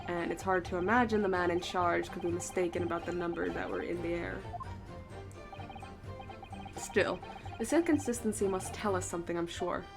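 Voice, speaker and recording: A woman reading the calm inner monologue of a thoughtful young male defense lawyer in a lowered voice. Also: moderate pace, gravelly, long pauses, music in the background. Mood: musing.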